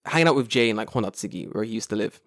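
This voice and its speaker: A man in his twenties co-hosting a podcast in casual chat, telling stories with lots of energy, jumping into a high excited voice for quotes and swearing freely. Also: racing, no echo, clean studio sound. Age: 20s. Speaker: podcast co-host.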